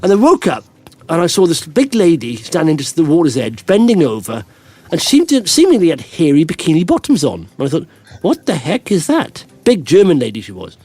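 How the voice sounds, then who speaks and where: A man's voice: on the high side, huge pitch swings, brisk, a little mellow, no room sound. A middle-aged man hosting a podcast, telling rambling anecdotes in casual chat and chuckling often. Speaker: podcast host.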